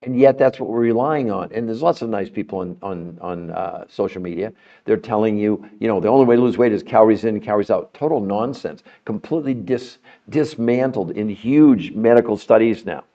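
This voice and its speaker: A man's voice: on the low side, brisk, muffled recording. A middle-aged man hosting a health podcast, talking straight to viewers in an emphatic, persuasive way. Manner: emphatic, rising more animated as he goes. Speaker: podcast host. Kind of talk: promotional health talk to viewers.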